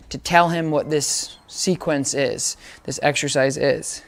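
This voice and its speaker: A man's voice: on the high side, normal speed, few pauses. A man giving a casual dog training demonstration, explaining each step and often checking that listeners follow.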